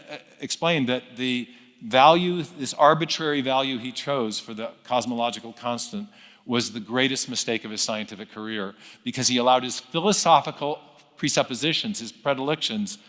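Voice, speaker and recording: A man giving an unscripted lecture, telling a story with lively emphasis and frequent restarts. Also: mid-range voice. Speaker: speaker. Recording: long hall reverb.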